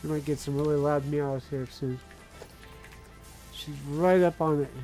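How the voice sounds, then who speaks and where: A man's voice: on the high side, fairly even intonation, measured pace, mellow, soft background music. A man streaming a building game, muttering to himself as he works and chatting to his cat and viewers. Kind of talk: casual game stream chat. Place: home room with a cat. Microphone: close desk microphone.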